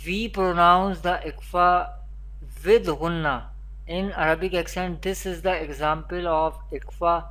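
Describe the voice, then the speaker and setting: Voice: medium pitch, fairly even intonation, unhurried, fairly bright tone. A Quran teacher giving a beginner recitation lesson, naming letters one at a time and repeating spelling drills. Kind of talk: recorded beginner pronunciation lesson.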